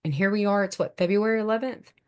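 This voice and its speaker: A woman's voice: mid-range voice, fast talker, a little mellow, clean tone. Earnest woman sharing her testimony. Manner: emotional, earnest storytelling with laughs and asides. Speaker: guest sharing faith testimony. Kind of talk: personal testimony talk.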